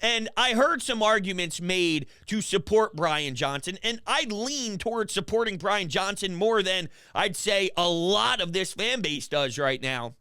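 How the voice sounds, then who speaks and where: A male sports show host with a high, bright voice who rants quickly and with animation. His voice comes through smooth and crisp in a dry, close recording. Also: no echo. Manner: fast, animated ranting with quick restarts. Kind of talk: opinionated sports talk show.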